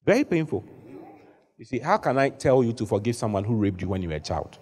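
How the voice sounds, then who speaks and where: A man preaching a sermon to a congregation in a large church hall, animated, at times shouting. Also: medium pitch, quick pace, slightly rough. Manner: animated preaching, rising to shouts when acting out the story. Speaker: bishop preaching.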